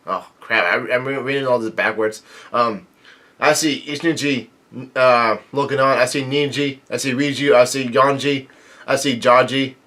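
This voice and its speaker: A young man talks his way through a manga chapter, stopping and restarting often and filling pauses with ums. His voice sits in an ordinary middle pitch, and he perks up whenever he reads a character's line aloud. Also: pushed and bright. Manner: halting, many fillers and restarts, reads quoted lines with lifted energy. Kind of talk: casual read-through commentary.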